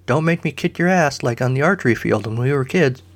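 A man's voice: medium pitch, expressive, brisk, lightly acted. A man voicing a crude, brash male pest catcher in a comic story. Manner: brash, swaggering.

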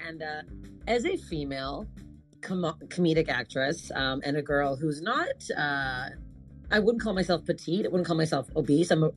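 Animated, laughing woman comic telling stories. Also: fairly low pitch. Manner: animated storyteller, swears, laughs often. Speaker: comedic actress, guest. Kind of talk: casual chat.

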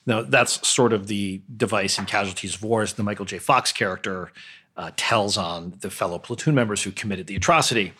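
With a lowish, bright voice that's forceful and a touch rough, a podcast host offers blunt opinions on films. He speaks conversationally on his own, hesitating frequently.

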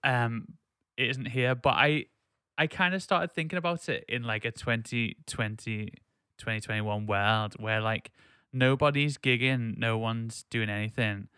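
A man chats loosely about an album, full of "like" and false starts. His voice is bright and smooth. The sound is dry and close to the mic. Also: medium pitch, steady tone, unhurried, dry recording. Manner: chatty, many fillers and restarts. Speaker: podcast co-host. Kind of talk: casual podcast chat.

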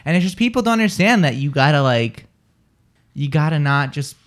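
A man's voice: fairly high pitch, lively intonation. A young adult man hosting a morning radio show, rambling casually with lots of "like". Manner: rapid, rambling talk with many "like"s. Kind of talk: casual chat. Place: radio studio.

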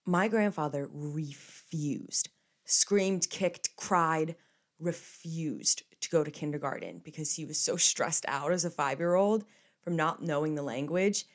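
A young woman from the United States hosting a podcast alone, telling stories in a chatty, animated way with playful asides. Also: sits low, a little slow. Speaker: podcast host. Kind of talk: casual solo podcast chat.

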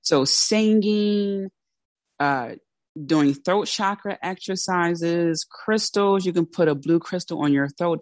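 A woman with a low voice coaches her listeners on a motivational podcast. She talks in a direct, candid, conversational way. Her voice is dry and close, with no room sound. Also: no room sound. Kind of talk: motivational solo talk.

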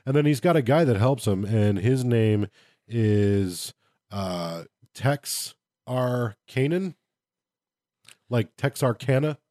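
A man's voice: mid-range voice, expressive, takes it slowly, mellow, dry recording, clean studio sound. A man co-hosting a podcast who reviews game books in casual chat and gives blunt opinions with plenty of fillers.

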